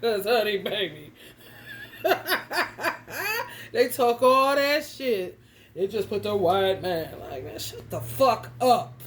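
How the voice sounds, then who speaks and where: A woman's voice: mid-range voice, lively intonation, measured pace, a little hiss or hum. A woman giving a casual tarot reading, ranting bluntly and profanely straight at the viewer. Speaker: tarot reader.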